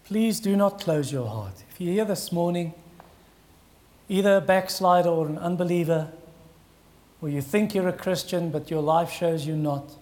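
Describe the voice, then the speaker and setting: A man, a pastor preaching an earnest, pleading sermon with dramatic pauses. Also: a little high, a little mellow.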